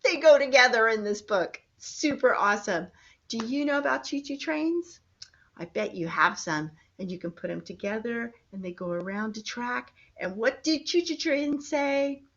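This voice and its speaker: Older grandma doing storytime for little kids, sing-songy and coaxing, kinda muffled lo-fi audio. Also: female voice, a little high, lively intonation, moderate pace, fairly bright tone. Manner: sing-song, coaxing, talks to small children. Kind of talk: children's storybook reading.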